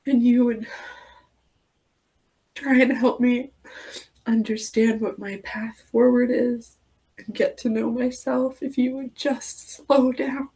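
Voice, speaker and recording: Woman in a tapping session, slow emotional halting talk, drops to whispers, kinda breathy. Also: fairly high pitch, little pitch movement, dark tone. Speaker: coaching client. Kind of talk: therapeutic affirmation exercise.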